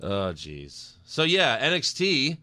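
A man's voice: medium pitch, huge pitch swings, takes it slowly, bright, forceful tone. A man hosting a casual podcast, teasing his co-hosts with crude jokes. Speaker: podcast host.

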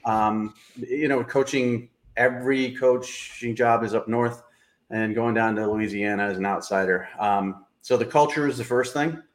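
A man's voice: mid-range voice, steady tone, a little slow. A man giving blunt, opinionated college football analysis in casual talk, with plenty of fillers. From New England.

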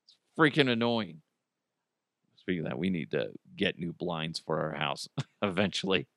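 A man's voice: low voice, lively intonation, normal speed, creaky, fairly bright tone, no room sound, clean studio sound. Rambling, jokey man host. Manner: rambling, jokey, swears freely, laughs often. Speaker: podcast host. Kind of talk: casual chat.

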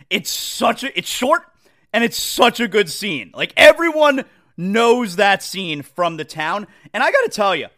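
A man hosting a sports talk show, rambling in an animated, casual monologue and often repeating himself. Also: sits high.

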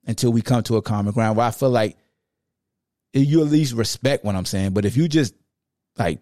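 A man's voice: medium pitch, no echo. Young guy hosting a sports podcast, chill slangy talk, dry close sound. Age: young adult. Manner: relaxed, slangy, conversational.

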